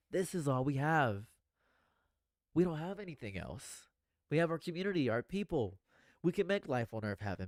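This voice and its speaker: A man's voice: mid-range voice, darkish tone, no room sound, studio quality. A man talking earnestly to his live stream audience in a rambling, repetitive monologue. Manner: earnest, rambling, repeats phrases.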